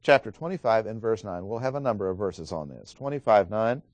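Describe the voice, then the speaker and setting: A man's voice: fairly low pitch, expressive, fairly quick, dry recording, highs cut off. A man teaching a Bible study lecture, methodically stressing key words as he reads scripture aloud, with frequent "uh" fillers between thoughts.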